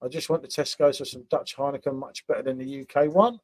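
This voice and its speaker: A man's voice: medium pitch, fairly even intonation, fast talker, a little mellow. A man hosting a casual beer review livestream, chatting with viewers by name and tagging questions onto his sentences. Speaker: beer review channel host.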